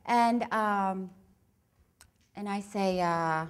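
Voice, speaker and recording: A woman's voice: fairly high pitch, expressive, measured pace. A woman giving a live talk on improv, chatty and laughing often between her points. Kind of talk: live talk with audience exercises.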